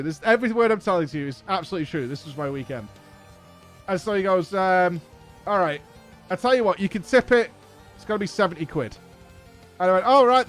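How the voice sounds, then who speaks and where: An English man telling a casual story as a streamer host, exasperated and swearing as he acts out each exchange. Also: sits high. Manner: exasperated, profane anecdote with acted-out dialogue.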